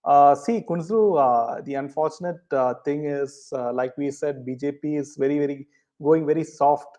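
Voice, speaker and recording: A man's voice: fairly high pitch, normal speed, mellow. A man hosting a casual live chat, reading viewer comments, full of ums and uhs and often ending points with "right?". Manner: hesitant, many ums and uhs; rhetorical, ends points with "right?".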